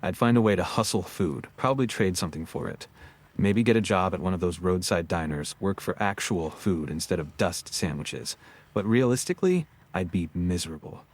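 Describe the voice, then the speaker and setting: Deep-voiced man telling history wryly. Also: lively intonation, normal speed. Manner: joking, wry storytelling. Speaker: co-host. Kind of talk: scripted podcast narration.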